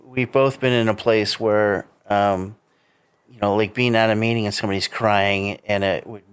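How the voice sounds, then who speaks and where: A man's voice: on the low side, steady tone, moderate pace, smooth. A man hosting a podcast, speaking in casual chat with affirming responses. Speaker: podcast host.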